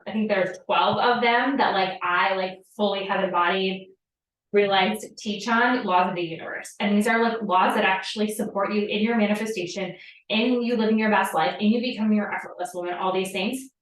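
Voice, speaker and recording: A woman's voice: mid-range voice, fairly even intonation, brisk, a bit bright. A woman hosting a live spiritual coaching talk, chatty and profane, with many fillers. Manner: casual, profane, filler-heavy with frequent "like". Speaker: podcast host and manifestation coach. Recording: echoey room, distant from the mic.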